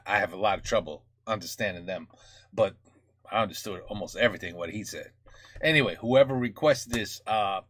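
A man from the United States reacting to a music video in casual, halting commentary full of fillers and restarts. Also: on the low side, sharp tone. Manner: thinking aloud, many fillers and restarts.

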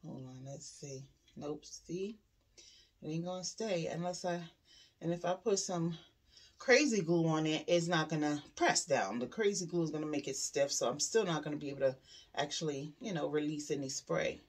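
A young woman talks straight to camera in a loose, profane vlog rant. Her voice sits a little low, swinging between heated venting and hushed asides. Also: normal speed, breathy edge. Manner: frustrated venting, profane and animated, drops to quiet asides. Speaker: vlogger. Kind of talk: casual vlog talk to camera.

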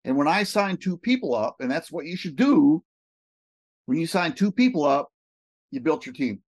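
An excited man talking fast and rambling as he walks viewers through a screen share for a recruiting pitch. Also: no room sound. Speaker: network marketing recruiter.

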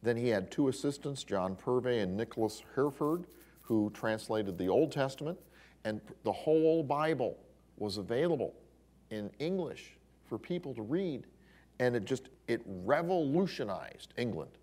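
A man teaching a Bible history class, who tells the story in a lively way with exclamations. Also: mid-range voice, moderate pace. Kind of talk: classroom lecture.

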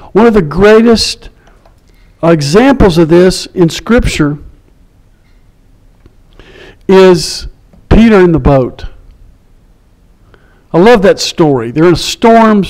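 A male pastor preaching a sermon in an animated way, acting out the people he quotes. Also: fairly high pitch, low-quality recording. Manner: animated, acts out quotes in shifting voices.

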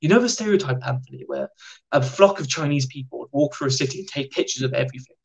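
A young British man in casual conversation as a podcast guest, telling anecdotes in an animated way and acting out the people in them. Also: medium pitch, fast talker, creaky, poor audio. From United Kingdom. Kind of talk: casual storytelling.

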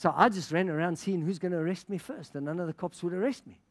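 A man's voice: sits high, fast talker. A middle-aged man from Africa, preaching a sermon as a pastor, telling stories with passion and laughter and acting out what people said. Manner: passionate storytelling with laughter and quoted dialogue.

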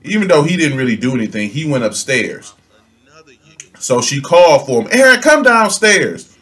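Lively young man telling a comic story. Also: mid-range voice, normal speed. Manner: animated, laughing, slangy, acts out quotes. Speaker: storytelling vlogger. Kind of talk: comedic storytime.

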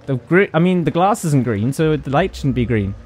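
A man's voice: a little high, animated, normal speed, a little mellow. A British man commentating a horror game, jittery and jokey, chatting to objects as he goes. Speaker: gaming YouTuber. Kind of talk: horror let's-play commentary.

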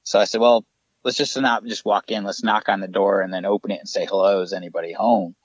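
Low-voiced man telling ghost stories. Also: fast talker, slightly rough, no echo, dull audio. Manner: animated anecdotes with acted-out quotes. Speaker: paranormal investigator guest. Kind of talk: casual podcast storytelling.

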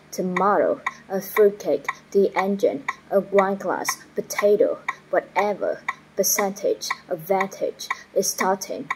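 A woman reading short practice phrases aloud one at a time, in an even, measured way, as in a pronunciation drill. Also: medium pitch, background noise.

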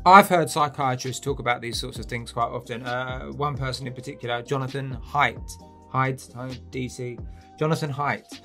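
A man's voice: medium pitch, fairly even intonation, normal speed, pushed and bright, faint music behind. A man hosting a comedic rant, sweary and sarcastic, with mocking outbursts. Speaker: host.

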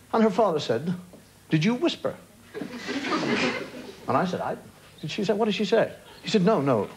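A man in his fifties with an Irish accent, a chat show guest telling comic stories with wry asides and acted-out punchlines. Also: on the high side. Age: 50s. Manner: animated anecdotes with wry asides, acting out punchlines. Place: TV studio before an audience. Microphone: studio broadcast mic. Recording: old TV broadcast with loud hiss and studio audience laughter.

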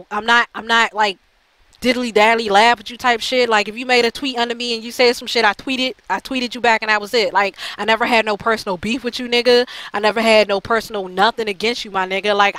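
A woman's voice: fairly high pitch, a little fast, sharp tone, no room sound, low-quality recording. Blunt, swearing woman ranting. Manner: blunt, heated, heavy swearing; frequent fillers and repeated restarts. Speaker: channel host. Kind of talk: profane ranting monologue.

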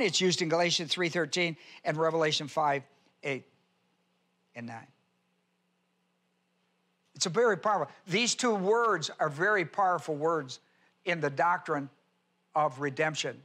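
A male pastor teaching a sermon verse by verse, reading scripture aloud and slowing down to stress key words. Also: on the high side, pushed and bright. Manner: reads scripture aloud and spells out Greek words. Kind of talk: expository Bible teaching sermon.

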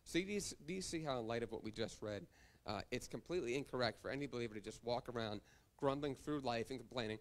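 A man's voice: mid-range voice, fast. A male pastor preaching a sermon, reading scripture verses and calling out to the congregation for amens.

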